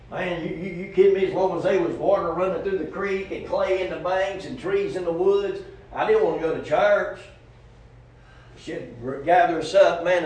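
Gravelly preacher, folksy and rhetorical. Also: male voice, on the high side, darkish tone, reverberant. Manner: folksy, rhetorical, storytelling with humor. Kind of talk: sermon.

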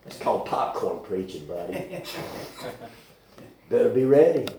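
A man preaching a folksy, rambling sermon with sudden shouted bursts in a church. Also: on the low side, big pitch swings, unhurried, a little hiss or hum. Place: church hall. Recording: very echoey church from far off.

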